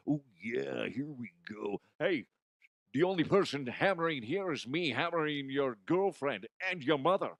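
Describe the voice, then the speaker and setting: A man doing a comedic impression of a boastful, crude wrestler-style tough guy, with a gravelly growl that swings from raspy whispers to shouts. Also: medium pitch, expressive, moderate pace, no room sound. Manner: taunting and crude.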